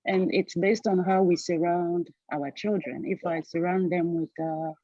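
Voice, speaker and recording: A woman answering in a discussion, hesitant and halting, full of fillers and restarts. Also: lowish voice, fairly even intonation, warm tone, dry recording. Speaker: discussion guest. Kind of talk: casual discussion. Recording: dry, dull lo-fi sound.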